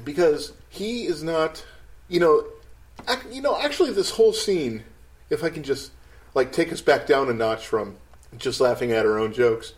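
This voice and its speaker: Man, podcast co-host, casual film chat, animated, lively pitch, laughs a lot. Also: moderate pace. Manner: animated, laughs often, quotes film lines.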